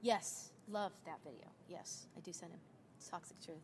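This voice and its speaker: A woman's voice: on the low side, normal speed, background noise. Chatty woman in her forties. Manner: chatty storyteller acting out quoted dialogue. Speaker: recruiter sharing sales tips. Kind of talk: casual chat.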